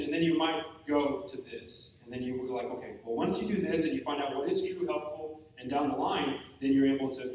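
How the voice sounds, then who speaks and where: A man's voice: a little high, recorded from a distance. Joking man speaking in an echoey hall. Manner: candid, joking, self-deprecating. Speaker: retreat speaker. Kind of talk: talk to a live group. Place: large room with an audience. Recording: echoey hall, mic from afar.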